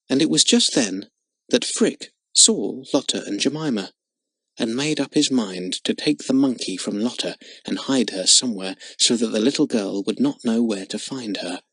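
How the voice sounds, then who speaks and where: Male storybook narrator, expressive, mid-pitched, very dry sound. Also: no echo. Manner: expressive, dramatic reading. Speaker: audiobook narrator.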